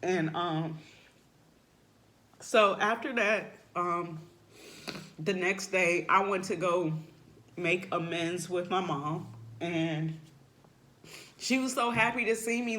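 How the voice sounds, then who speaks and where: A woman giving a heartfelt, unscripted faith testimony. She speaks earnestly and haltingly, often filling pauses with "like" and "you know," and turns emotional and soft at times. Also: fairly low pitch. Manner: emotional, voice drops softly at times. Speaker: person sharing a faith testimony.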